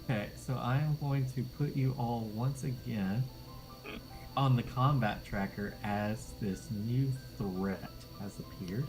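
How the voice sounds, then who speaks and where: A man guides a tabletop game as game master, narrating at a very unhurried pace in a mid-range voice. He laughs often between descriptions. Music plays clearly underneath. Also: medium pitch, rough recording. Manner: deliberate narration with frequent laughter.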